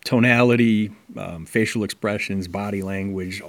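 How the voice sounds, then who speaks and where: A man's voice: lowish voice, steady tone, moderate pace, no echo. A man hosting a podcast, talking earnestly and sharing his opinions with many fillers. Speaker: podcast host. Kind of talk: casual podcast talk.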